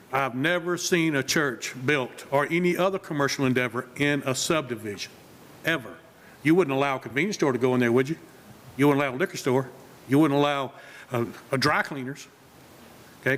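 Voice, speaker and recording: A man's voice: fairly high pitch, a bit bright. A man who works as a contractor giving a firm, blunt public comment at a county meeting, with rhetorical questions. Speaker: resident and construction contractor. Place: county commission meeting room.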